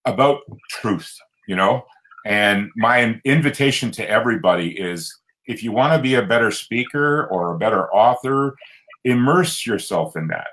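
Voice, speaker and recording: A middle-aged man, a guest coach and speaker, telling his personal story in an earnest, animated way, with his voice jumping up sharply for emphasis. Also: low-quality recording. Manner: earnest, animated, pitch jumps high for emphasis.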